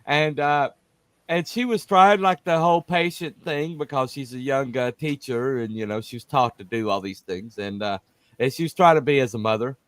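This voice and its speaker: A man's voice: mid-range voice, normal speed, dry recording. A man chatting casually as a podcast co-host, telling rambling stories full of fillers and restarts. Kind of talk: casual chat.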